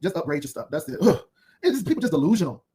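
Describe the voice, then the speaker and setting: A man's voice: a little high, big pitch swings, rapid-fire, mellow, slight background noise. A man hosting an unscripted drama commentary video, firing off sassy, cutting put-downs in a rambling way. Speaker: YouTube commentary host.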